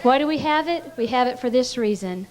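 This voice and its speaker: A woman's voice: high voice, expressive, brisk. A woman giving a teaching talk at a pastors' conference, telling stories earnestly and often stammering on repeated words.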